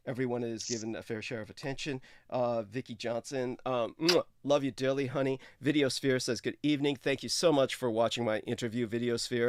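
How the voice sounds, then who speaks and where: A man in his thirties hosting a casual livestream, effusive and full of hesitant fillers, with sudden high exclamations. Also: clear, resonant tone, no room sound, studio quality. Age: 30s. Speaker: show host.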